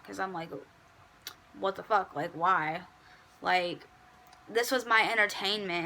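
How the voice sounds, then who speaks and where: Young woman, casual storytime, sassy, chatty, bright edgy voice. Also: mid-range voice, slight background noise, rough recording. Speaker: vlogger.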